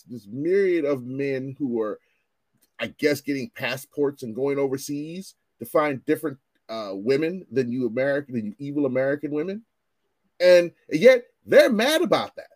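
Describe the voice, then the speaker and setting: A man in loose, rambling commentary, his fairly high voice swinging up and down with lively emphasis. He talks in a profane, heated rush, stumbling into repeated restarts. The sound is close and dry, with no room around it. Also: moderate pace, no room sound. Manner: animated, profane, repetitive restarts. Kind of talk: casual ranting commentary.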